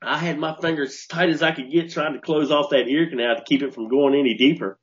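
A man co-hosting a podcast, telling a story in an animated way and restarting his sentences as he gets worked up. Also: on the high side, fast talker. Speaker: podcast co-host. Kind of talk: casual storytelling chat. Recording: dull lo-fi podcast audio.

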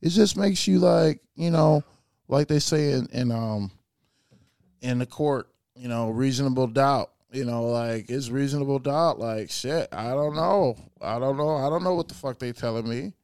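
A man co-hosting a podcast in casual chat, cursing a lot, animated, often repeating words as he restarts. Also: mid-range voice, moderate pace, vocal fry, no echo, clean studio sound. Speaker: podcast co-host.

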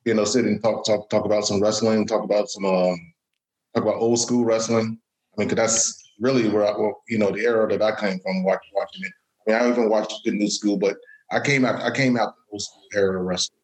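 Guest guy w a lowish voice, stutters and restarts a lot, casual chat. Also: fairly even intonation, rough recording. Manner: halting, stuttering speech with many restarts. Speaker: podcast guest.

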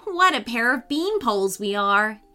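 A woman's voice: a little high, very animated, moderate pace, pushed and bright, soft background music. Earnest, kindly young schoolboy in a storybook, voiced by a woman. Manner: earnest and honest. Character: tall kind young schoolboy.

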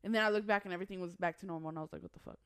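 A woman's voice: on the low side, very fast, smooth, no echo, studio quality. A woman co-hosting a casual chat show, telling a story in a laid-back, slangy way. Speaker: podcast co-host.

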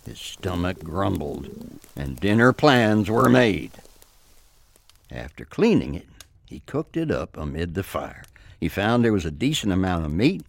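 A man tells a spooky campfire folk tale in a folksy, unhurried way. His voice has a gravelly, creaky edge and swings widely in pitch as he builds suspense. The delivery is slow and deliberate. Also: big pitch swings. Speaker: storyteller. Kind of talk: scripted folk tale narration.

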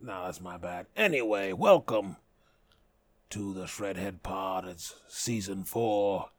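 A man with a lowish voice hosts a comedy podcast at an unhurried, drawling pace. He jokes and swears freely, puffing himself up as a mock villain. The sound is close and dry. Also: lively intonation, dry recording. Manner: joking, profane, mock-villain boasting. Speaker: podcast host.

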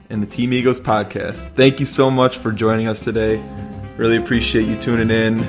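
A man hosting a casual podcast, laid-back and quick to laugh, often repeating his words. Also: fairly low pitch, little pitch movement, faint music behind. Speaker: podcast host. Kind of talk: casual podcast chat and outro.

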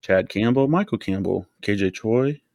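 A man's voice: on the low side, lively intonation, moderate pace, gravelly, darkish tone, no echo, clean studio sound. A man co-hosting a golf podcast, easygoing, laughing easily and reading off lists. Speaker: podcast co-host. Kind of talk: casual chat.

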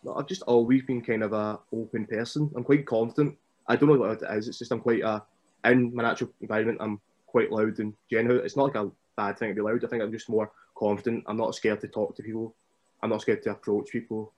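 A young man with a Scottish accent, a wrestler chatting casually as a podcast guest and telling stories in an animated way. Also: lowish voice, fast talker, dull audio. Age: young adult.

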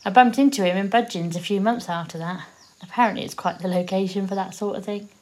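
A woman's voice: medium pitch, fairly even intonation, fast talker, darkish tone, lightly acted. A woman playing a blunt, teasing survivor. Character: blunt teasing female zombie-apocalypse survivor. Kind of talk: amateur audio drama acting.

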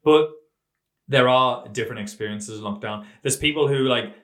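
A man's voice: medium pitch, moderate pace, a bit bright, reverberant. A man co-hosting a comedy chat, sarcastic and rambling, swearing casually.

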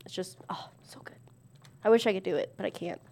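A woman's voice: mid-range voice, a little fast, dark tone, in a whisper. A young adult woman co-hosting a casual chat over a party game, giggling and laughing often. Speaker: co-host.

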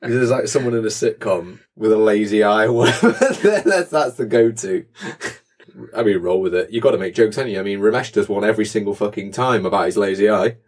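A man's voice: on the low side, fairly quick. A young man co-hosting a casual podcast chat, dry and sarcastic, swearing now and then. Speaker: podcast co-host.

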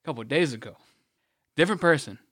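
A man's voice: fairly high pitch, animated, quick pace, a bit bright, dry recording, studio quality. A man co-hosting a podcast, telling a rambling, blunt story in casual chat, swearing freely and restarting his sentences. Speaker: podcast co-host.

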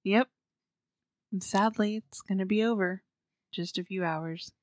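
A woman's voice: medium pitch, a little slow, no echo, clean studio sound. A woman co-hosting a podcast, chatting casually and telling a true-crime story with fillers and giggles. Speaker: podcast co-host.

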